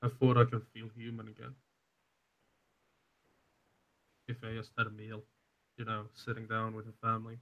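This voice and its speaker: A man voicing a brooding male vampire who longs to feel human, speaking in a subdued, steady way. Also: on the low side, quick pace, highs cut off, natural voice.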